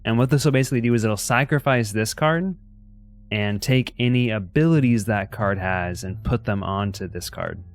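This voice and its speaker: A man's voice: fairly low pitch, normal speed. A man streaming a card game, thinking aloud and greeting chat in an easygoing way. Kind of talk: casual game commentary. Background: faint music.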